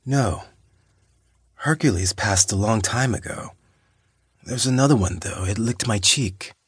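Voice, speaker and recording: A man's voice: on the low side, unhurried, husky, dry recording, clean studio sound. A man voicing an injured, dazed hiker in an audiobook, talking in a groggy, confused way.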